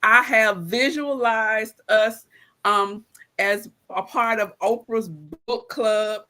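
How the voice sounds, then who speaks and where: Woman, live-stream host, slightly high voice, slow pace, chatty, laughs often, video call. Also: pushed and bright. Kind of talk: casual live-stream chat.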